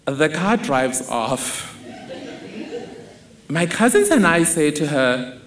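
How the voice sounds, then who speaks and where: Man, storyteller on stage; unhurried, wry, slightly high voice; roomy hall sound. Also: very animated, a little hiss or hum. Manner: measured, wry, personal storytelling. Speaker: speaker. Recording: roomy hall with faint ambience.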